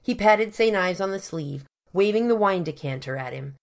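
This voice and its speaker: A woman narrating a novel in a measured, dryly wry storytelling manner. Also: medium pitch, animated, vocal fry. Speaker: audiobook narrator. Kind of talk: scripted narration.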